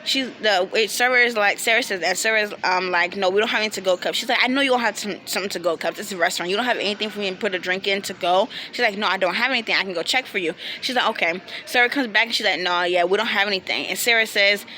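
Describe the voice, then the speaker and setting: A young woman, casually telling a storytime with animated quotes and bursts of laughter. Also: medium pitch, a little hiss or hum. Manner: animated, laughing, quoting friends in quick bursts. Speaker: vlogger.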